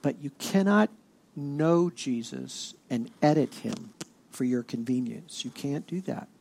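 A man's voice: mid-range voice, expressive, measured pace, gravelly, darkish tone. A male pastor preaching a sermon, emphatic and rising in force as he reads scripture aloud.

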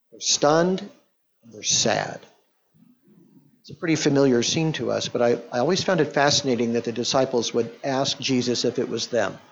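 A male pastor or Bible teacher with a creaky, mid-pitched voice gives a chatty, verse-by-verse sermon, explaining conversationally with restarts and quoted voices. The recording is muffled, dull and lo-fi.

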